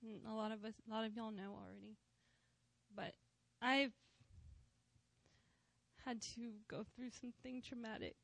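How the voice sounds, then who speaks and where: A woman's voice: on the high side, level tone, measured pace, vocal fry, long pauses, no room sound. A woman, a worship leader and mother, giving an earnest personal testimony to a church, with frequent "you know" asides. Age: adult, a mother of school-age kids.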